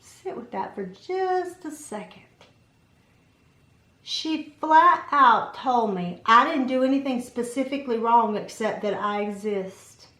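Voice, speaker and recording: A woman vlogger and mom casually telling a personal story in an animated way, acting out what people said. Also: a little high, takes it slowly. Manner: animated, acts out quotes in her telling. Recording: roomy echo.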